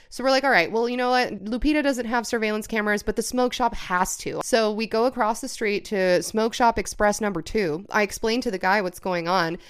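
A young woman co-hosting a podcast, telling a story in casual chat, animated, swearing often and acting out what people said. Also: mid-range voice, clean tone. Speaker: podcast co-host.

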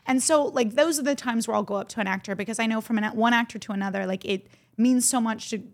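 A woman's voice: on the high side, fast talker. A woman co-hosting a podcast, chatting casually in a rambling way full of fillers and restarts. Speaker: podcast co-host. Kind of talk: casual chat.

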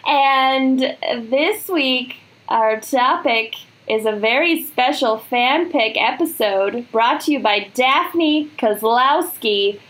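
A woman's voice: high-pitched, lively intonation, slow, fairly bright tone. A woman from Minnesota co-hosting a podcast, giggly and easygoing in casual chat. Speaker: podcast co-host.

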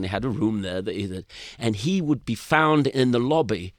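An older man, a guest telling rambling, animated anecdotes with frequent restarts in a casual interview. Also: mid-range voice, normal speed, hardly any pauses, no echo. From Britain.

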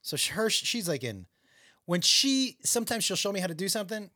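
A middle-aged comedian telling profane stories in a casual podcast chat, laughing often. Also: male voice, sits high, brisk, dry recording, clean studio sound. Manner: animated, profane storyteller who laughs often. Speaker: guest comedian.

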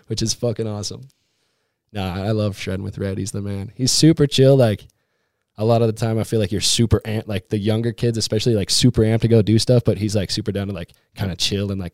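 A young man, a pro snowboarder, telling stories in a relaxed, slangy way full of fillers. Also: fairly low pitch, no room sound, studio quality. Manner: laid-back, slangy storytelling with many fillers. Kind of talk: casual podcast chat.

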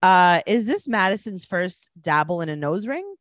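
A woman's voice: fairly low pitch, big pitch swings, no echo, studio quality. Gossipy woman co-hosting a chat show. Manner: playful, gossipy, quick jokes and mock voices. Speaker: podcast co-host. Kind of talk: casual chat recapping a reality show.

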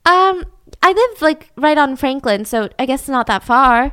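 A woman's voice: high-pitched, animated, unhurried, a bit bright, dry recording, clean studio sound, voice pushed up. A woman voicing a cautious young woman who answers a stranger politely and hesitantly.

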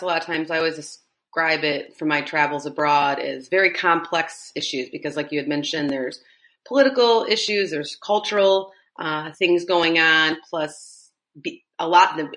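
A woman with a Midwestern American accent hosts a podcast with a slightly low voice. She asks long, rambling questions and keeps voicing her enthusiasm. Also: a bit bright. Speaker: podcast host. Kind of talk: casual interview chat.

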